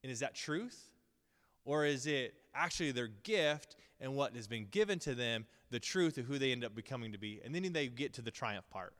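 A man's voice: medium pitch, animated, moderate pace, fairly bright tone. A man in his thirties teaching at a Bible school in a casual, earnest sermon style, with frequent ums and restarts. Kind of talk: conversational sermon. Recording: long reverb of a hall.

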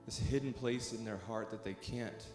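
A man praying aloud over music, halting and repeating words as he goes. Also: mid-range voice, steady tone. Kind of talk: spoken prayer over music. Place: church worship hall. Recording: echoey hall with live music.

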